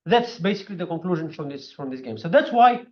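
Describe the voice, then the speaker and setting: A man gives a seminar talk with a high, very lively voice. His speech is animated and full of fillers. The sound is dull and lo-fi, in a roomy, echoing space. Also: quick pace. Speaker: physics speaker. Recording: echoey room, dull lo-fi sound.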